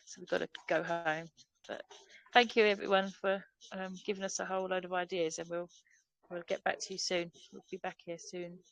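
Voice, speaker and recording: A woman's voice: fairly low pitch, flat delivery, normal speed, vocal fry, muffled recording, a little hiss or hum. A woman with a London accent chatting and laughing on a group video call from a pub. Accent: London English. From England. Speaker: fellowship member.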